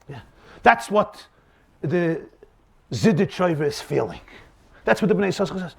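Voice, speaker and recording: A man's voice: high voice, sing-song, normal speed, creaky, pauses often, a little mellow, breathy edge. A man teaching as a rabbi, telling stories and asking rhetorical questions in a dramatic, emphatic way. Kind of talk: lecture on faith with acted-out anecdotes.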